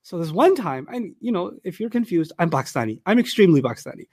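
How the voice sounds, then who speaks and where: A man's voice: sits high, fast talker, no room sound. A man from New York giving a conversational Quran lesson, telling stories and acting out dialogue. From New York, United States. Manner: animated, conversational, acts out dialogue. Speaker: Quran teacher. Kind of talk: Quran lesson with personal storytelling.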